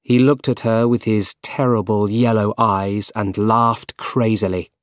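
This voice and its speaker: A man reading a simple storybook aloud in slow, clear, carefully paced narration. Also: lowish voice, fairly even intonation, dry recording, studio quality. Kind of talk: scripted narration of a graded reader story.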